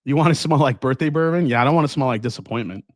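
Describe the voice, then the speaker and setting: A man hosting a casual whiskey livestream, reading viewer comments aloud and chatting in a relaxed, enthusiastic way. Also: medium pitch, very fast, no echo, clean studio sound. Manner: relaxed, enthusiastic, laughs often. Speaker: whiskey channel host. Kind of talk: casual livestream chat, reading super chats.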